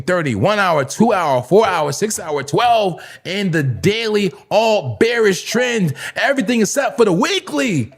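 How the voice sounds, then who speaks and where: Hyped man shouting over a live crash. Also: on the high side. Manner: excitable, laughs often, bursts into shouts; casual slang-heavy banter with chat. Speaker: crypto trading livestream host. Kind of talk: hyped live trading commentary.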